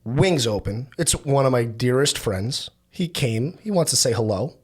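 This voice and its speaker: A man's voice: mid-range voice, expressive, moderate pace, husky. A young man hosting a podcast, telling loose, profane stories in casual chat and raising his voice when he quotes friends. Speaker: podcast host.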